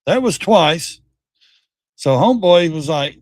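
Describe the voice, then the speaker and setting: A middle-aged man hosting a casual livestream, reacting to videos with loud, blunt, slangy commentary. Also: a little high, expressive, normal speed, dry recording, studio quality. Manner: loud, blunt, slangy, mocks and quotes the clips.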